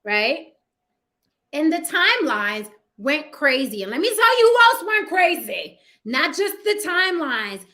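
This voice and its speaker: Sassy, high-voiced woman ranting to camera. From United States. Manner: sassy, profane, animated asides to viewers. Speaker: commentary vlogger. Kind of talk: casual opinion commentary.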